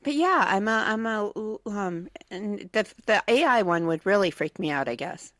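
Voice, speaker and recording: A woman's voice: medium pitch, lively intonation, moderate pace, a bit bright, no room sound, clean studio sound. A woman co-hosting a morning radio show, talking casually with many ums and a wry humor. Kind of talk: casual on-air banter.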